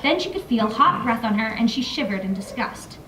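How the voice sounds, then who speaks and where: A woman's voice: fairly high pitch, lively intonation, normal speed, fairly bright tone, slight background noise. A young woman author reading aloud from her novel in a library, with casual, filler-laden asides between passages. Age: young adult. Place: library room. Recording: echoey room, mic from far off.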